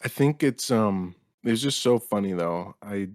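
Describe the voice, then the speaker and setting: A young man with a low voice tells laid-back, slangy work anecdotes on a casual comedy podcast. The sound is dry and close, with no room around him. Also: measured pace, dry recording. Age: young adult. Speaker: podcast co-host. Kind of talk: casual comedic chat, storytelling.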